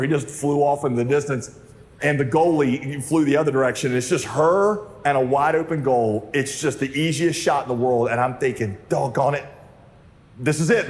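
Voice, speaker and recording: A man preaching a sermon, telling a story with lively acted-out dialogue that sometimes rises to near shouting. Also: mid-range voice, long reverb tail. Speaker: pastor.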